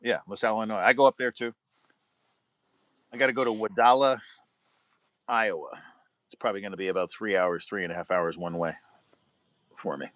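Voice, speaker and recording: A man's voice: on the low side, steady tone, fairly quick, pauses often, fairly bright tone, no room sound, rough recording. A man who works as a building inspector, chatting casually and rambling through road stories. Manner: rambling storyteller, retells anecdotes with quoted voices. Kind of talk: casual chat.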